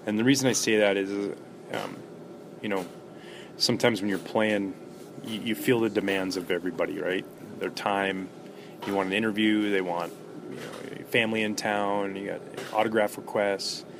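A low-pitched middle-aged man recounts clubhouse stories in a loose, chatty interview. He talks with plenty of fillers and restarts. A clear room hiss runs behind him. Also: moderate pace. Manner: animated anecdotes with many fillers and restarts. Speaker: former baseball player, guest. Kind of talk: relaxed interview storytelling.

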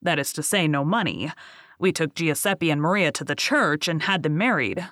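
A weary older boatman, bitter and grave, recounting his tale in a steady, even storytelling voice, as an audiobook reader puts him on. The voice sits at a middling pitch. It is recorded dry and close, with no room around it. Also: moderate pace, no echo, close to an everyday voice. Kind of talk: audiobook reading.

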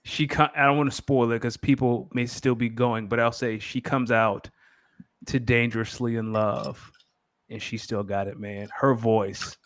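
A man's voice: medium pitch, fairly even intonation, unhurried, no echo. Young man, podcast co-host, earnest storyteller, dry close sound, mid-range voice. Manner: earnest, storytelling, laughs easily. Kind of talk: casual sports podcast banter.

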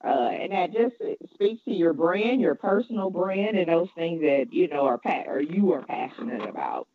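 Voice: mid-range voice, animated, moderate pace, dry recording. A podcast host speaking encouragingly and agreeably, often repeating affirmations while interviewing a guest. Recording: dry, phone-like narrow sound.

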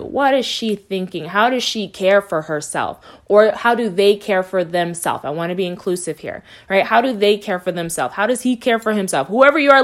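A woman hosting a podcast as a coach, talking in a reassuring, encouraging monologue and repeating her key phrases. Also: medium pitch.

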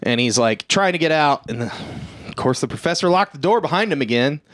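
A man's voice: fairly high pitch, animated, fairly quick, a bit bright, no echo. A man co-hosting a podcast, recapping a film in casual chat. He rambles, swears and jokes. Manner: rambling, profane, jokey storytelling. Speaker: podcast co-host.

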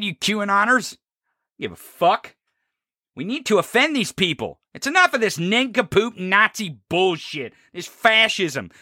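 A combative man hosting a political talk show and ranting with nonstop swearing. His voice sits high and swings widely in pitch, with a bright, sharp edge. The sound is dry and close. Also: no echo. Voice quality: heavy swearing, fiery and combative. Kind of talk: profane political rant.

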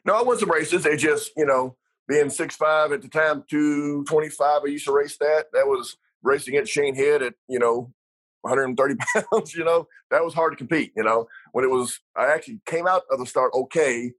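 Husky rambling man telling stories. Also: on the high side, normal speed, fairly bright tone, rough recording. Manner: rambling, salty, laughs often, many fillers. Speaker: retired racer guest. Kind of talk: casual storytelling interview.

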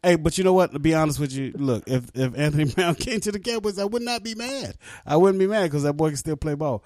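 A man's voice: a little high, fast talker, no echo, studio quality. Laughing man in loose banter. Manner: animated, laughing, swearing banter. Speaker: podcast co-host. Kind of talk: casual chat.

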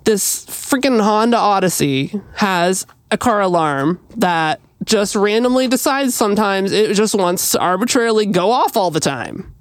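A woman's voice: mid-range voice, a little slow, few pauses, dry recording. A woman co-hosting a podcast, telling a story in casual chat and acting out the quoted lines with animation. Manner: animated, acts out quoted dialogue. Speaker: podcast co-host.

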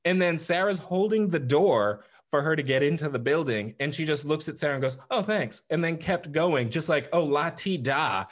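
A man co-hosting a podcast, telling stories in animated casual chat and laughing easily. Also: a little high, fairly quick, few pauses. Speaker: podcast co-host.

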